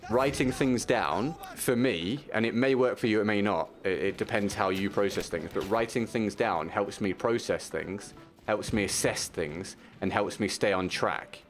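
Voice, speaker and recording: Low-voiced man streaming a game. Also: normal speed, faint music behind. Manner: supportive, talks to viewers while gaming, frequent restarts. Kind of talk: casual chat while playing.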